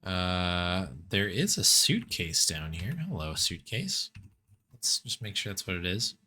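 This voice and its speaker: A man's voice: low-pitched, very animated, unhurried, pushed and bright. A man casually commenting on an adventure game, reading text aloud, playfully muttering and humming. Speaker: let's play streamer.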